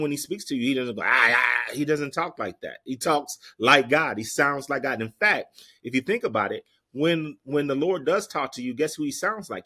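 A man's voice: mid-range voice, a bit bright, husky. A man, a guest minister, giving emphatic preaching-style answers in an interview, repeating his key points in a teaching cadence.

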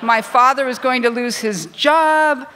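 A woman tells a personal story at a live show, her voice bright and forward. She speaks in an animated, self-deprecating way, often restarting her sentences. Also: high-pitched, a little slow, a little hiss or hum. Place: theater stage before a live audience.

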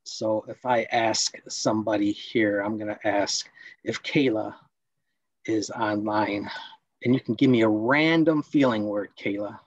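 A man presenting a parenting workshop online, explaining points and acting out scolding parents in quick role-plays. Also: lowish voice, no echo, highs cut off.

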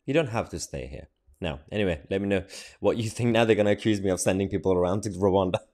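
A man's voice: sits low, quick pace, warm tone. A man giving opinionated online commentary on a TV debate, mocking and exasperated, laughing between his points. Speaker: political commentator reacting to a TV clip.

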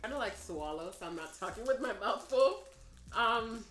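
A young American woman chatting casually while taste-testing snacks, asking quick questions. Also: medium pitch, bright, forceful tone, roomy sound, low-quality recording. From United States. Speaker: co-host.

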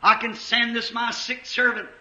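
A man preaching a fervent sermon, telling stories and rising to shouts. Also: very high-pitched, flat delivery, normal speed. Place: church. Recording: roomy dull 1950s church recording.

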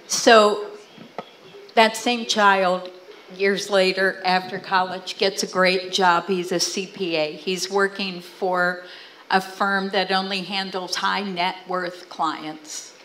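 A woman's voice: medium pitch, takes it slowly, slight background noise, poor audio. A middle-aged woman telling family stories to a church audience, acting out what family members said. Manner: animated storytelling, acting out quoted family talk. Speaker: guest speaker. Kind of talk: storytelling talk to a church audience.

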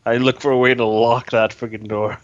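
Hesitant male tabletop player, mid pitch, muffled lo-fi mic. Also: flat delivery, fairly quick. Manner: hesitant, lots of ums. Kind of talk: casual tabletop game chat. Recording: dull lo-fi mic.

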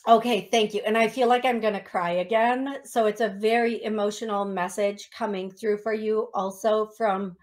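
A woman's voice: medium pitch, fairly even intonation, moderate pace, few pauses. A woman hosting a radio call-in show as a psychic medium, talking in a chatty way with many restarts and ums.

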